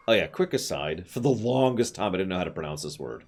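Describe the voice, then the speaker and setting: A man's voice: low voice, animated, fast talker. A man giving casual, chatty commentary while streaming a video game, with opinionated asides.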